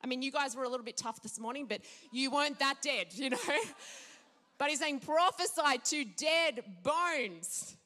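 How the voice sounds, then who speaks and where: A woman delivers a sermon in a high, bright voice. She speaks emphatically and leans on scripture. Her pauses are deliberate and measured. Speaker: preacher.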